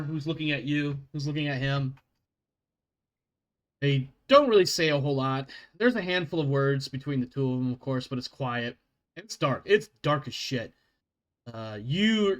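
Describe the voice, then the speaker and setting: A man's voice: fairly high pitch, fairly bright tone. A man narrating as game master of a tabletop game, casual and swearing now and then.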